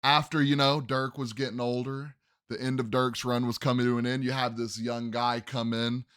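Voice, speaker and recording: A man's voice: mid-range voice, level tone, moderate pace, clear, resonant tone, dry recording, clean studio sound. A man hosting a solo sports podcast, emphatic and opinionated, often calling out to his listeners. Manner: emphatic, opinionated, addresses "ladies and gentlemen". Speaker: podcast host.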